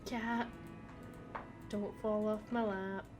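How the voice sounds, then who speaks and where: Female streamer, casual and chatty live gameplay talk, mid pitch, light background noise. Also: flat delivery, slow pace. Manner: chatty, reads text aloud, talks to her cat.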